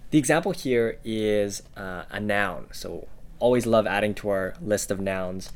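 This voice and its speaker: Male podcast co-host, lowish voice, careful and halting while giving examples. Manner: measured, halting with frequent "uh". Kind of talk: casual explanatory teaching.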